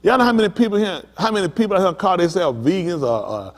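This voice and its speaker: A man's voice: high-pitched, sing-song, fast talker. Preaching man in a reverberant hall. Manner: emphatic, talks straight to the congregation. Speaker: pastor. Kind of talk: preaching sermon.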